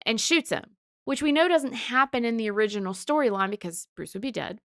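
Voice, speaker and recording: Woman podcast co-host, analytical and reflective, smooth clear voice, dry close sound. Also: fairly high pitch, lively intonation, fairly quick, dry recording. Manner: thoughtful, analytical, with restarts. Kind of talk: casual discussion of comics and psychology.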